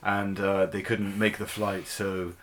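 A man's voice: low-pitched, level tone, measured pace, fairly bright tone. A young man co-hosting a podcast, retelling a news story in a chatty way with lots of "like". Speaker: podcast co-host. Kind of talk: casual podcast chat.

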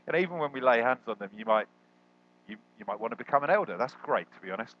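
A man preaching a sermon as a guest, animated and jokey, jumping up in pitch when he quotes people. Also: quick pace, muffled recording. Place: church hall.

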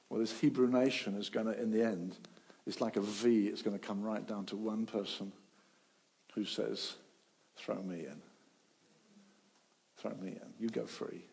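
A man preaching a sermon, telling stories with animation, rising loud then dropping almost to a whisper. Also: fairly low pitch, vocal fry. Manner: animated storytelling, voice swelling and dropping to near whisper.

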